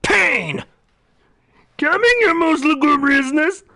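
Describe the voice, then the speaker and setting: A man voicing a pair of frantic little imp henchmen who yelp in shrill, panicky bursts. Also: slow, creaky, pushed and bright, full character voice.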